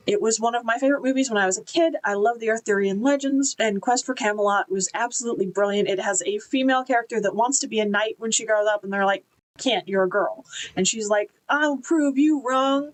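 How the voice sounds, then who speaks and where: A woman talks through a book review in a loose, chatty way. Her voice sits at an ordinary middle pitch, and she stays enthusiastic, restarting sentences as she goes. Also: rough recording.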